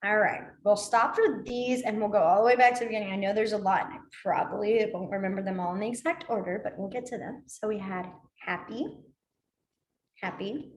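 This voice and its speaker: A woman's voice: medium pitch, a little fast, slight background noise. A woman teaching a beginner sign language class, playful and acting out each emotion with her voice as she explains. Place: library meeting room. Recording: echoey room.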